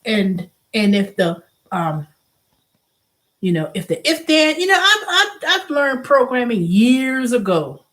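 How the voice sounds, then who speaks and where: Woman, middle-aged, casual vlog host, animated and venting, mid pitch, restarts sentences. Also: a little slow. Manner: animated venting, acts out quoted voices; restarts and repeats herself. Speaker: show host.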